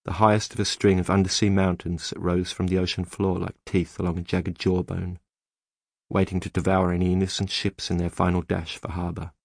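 Deep-voiced male audiobook narrator. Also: gravelly, dry recording, studio quality. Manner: measured, even storytelling. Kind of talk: scripted narration.

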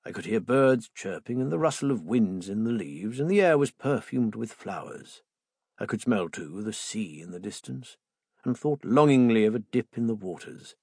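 A man narrates a story in a measured first-person tone, and his pitch moves expressively. His voice is slightly husky, and the recording is close and dry. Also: animated, a little mellow, dry recording. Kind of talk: audiobook narration.

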